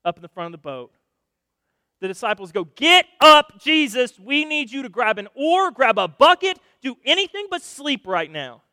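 A high-voiced man preaching a sermon, telling stories in an animated way that swings between loud and hushed. His voice is close and dry at the mic, but a long hall reverb trails behind it. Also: clear, resonant tone. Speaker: pastor.

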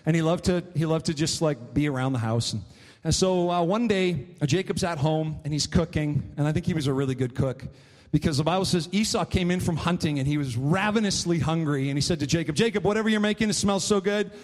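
A man's voice: fairly high pitch, brisk, hardly any pauses, a little mellow, in a large hall. A man preaching a sermon, retelling a story in a loose, rambling way full of fillers. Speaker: pastor.

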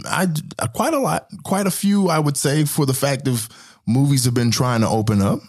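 A man co-hosting a casual podcast, playful and swearing in quick back-and-forth. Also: medium pitch, lively intonation. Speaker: podcast co-host. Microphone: studio headphones and mic.

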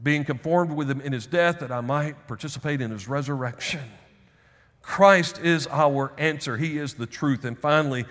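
A man preaching a sermon as pastor, emphatic, slowing down to stress key phrases. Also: on the high side, a bit bright, big-room sound.

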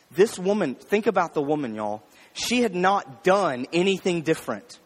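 Fast-talking preacher, higher-voiced man. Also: big pitch swings, in a large hall. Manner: conversational preaching, addressing the crowd with "y'all". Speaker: pastor. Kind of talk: sermon.

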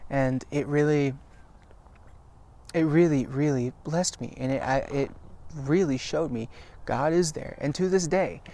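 A man's voice: fairly high pitch, mellow. Earnest man giving devotional encouragement. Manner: earnest and encouraging, repeats phrases for emphasis; halting with frequent restarts. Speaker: Christian video teacher. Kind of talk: devotional talk to camera.

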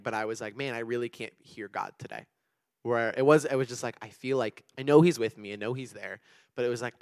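Young man, pastor, casual sermon, rambling and animated, rapid talk, mid-range voice. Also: medium pitch, no room sound. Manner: animated, rambling storyteller with many restarts. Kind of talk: casual sermon with personal stories.

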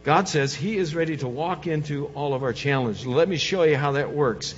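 Man preaching a sermon, soft then loud, slightly high voice, long hall reverb, dull sound. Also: moderate pace, slight background noise. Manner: swings from soft coaxing to loud emphatic preaching. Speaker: pastor.

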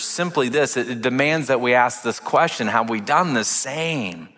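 A man preaching a sermon as a pastor, telling the story in a lively, playful way. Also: mid-range voice, unhurried, few pauses. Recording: long reverb of a large hall.

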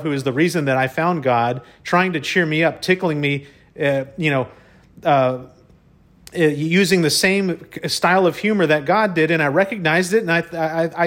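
A man whose voice runs on the high side tells a personal story in a casual monologue. Excitable, he stumbles and repeats words often, peppering it all with "y'all" and mild cussing.

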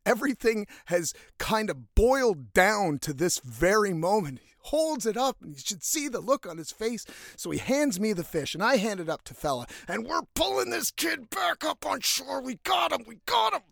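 Animated, profane male storyteller. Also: sits high, moderate pace, gravelly, hardly any pauses, no echo, clean studio sound. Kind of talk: casual storytelling.

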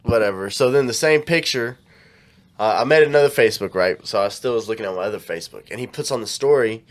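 A man's voice: fairly low pitch, brisk. A man telling a story in casual chat, slangy and profane, acting out what people said. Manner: animated storytelling, acts out quotes, slangy and profane.

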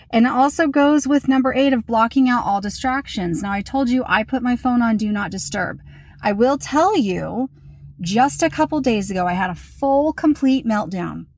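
Candid chatty mom podcaster, dry sound. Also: female voice, on the high side, a little mellow, no echo. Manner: candid, chatty, self-mocking. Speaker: podcast host. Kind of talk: casual solo podcast talk.

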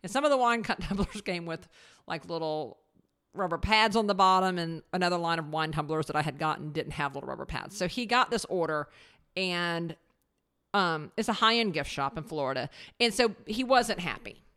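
A woman who owns a company, telling a business story in casual conversation, animated and full of restarts. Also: on the low side, normal speed, smooth. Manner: animated, many restarts and acted quotes. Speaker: podcast guest, business owner.

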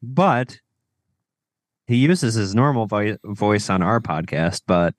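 A man's voice: fairly low pitch, expressive, takes it slowly, dry recording, clean studio sound. A man co-hosting a podcast in casual chat, teasing and joking with the others. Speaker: podcast co-host.

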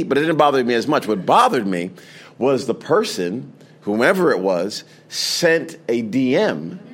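A male pastor giving a conversational sermon that builds to emphatic preaching before a congregation. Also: a little high. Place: large hall with a congregation. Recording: crowd audible in a large hall. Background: congregation responding.

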